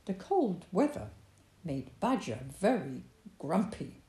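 A woman reading a children's story aloud in an expressive, sing-song way. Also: deep voice, a little slow. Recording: roomy echo.

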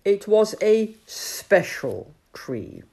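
A woman voicing a self-important male owl in a storybook, speaking in a measured, lecturing way. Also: mid-range voice, sing-song, creaky, mellow, heavily acted. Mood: pompous.

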